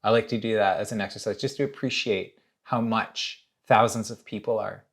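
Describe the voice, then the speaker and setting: Earnest male channel host, lowish voice, halting candid monologue. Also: steady tone. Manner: halting and earnest, many restarts.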